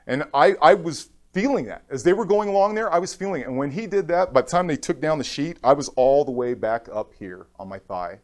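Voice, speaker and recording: A man giving a keynote on a conference stage, telling a personal story in a heartfelt, halting way and acting out other people's lines. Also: on the high side, expressive, darkish tone. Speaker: keynote speaker. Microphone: stage microphone.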